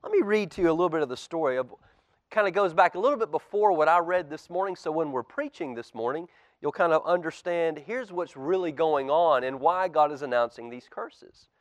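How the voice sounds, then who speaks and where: A man, a pastor, reading a storybook aloud to children in church with expressive, animated storytelling. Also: fairly high pitch, brisk. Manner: expressive storytelling, lively swings in loudness.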